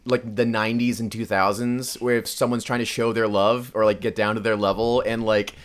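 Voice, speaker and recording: A woman's voice: extremely low pitch, little pitch movement, fairly quick. A woman co-hosting a podcast, recapping a film casually with a wry, sarcastic edge. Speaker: podcast co-host.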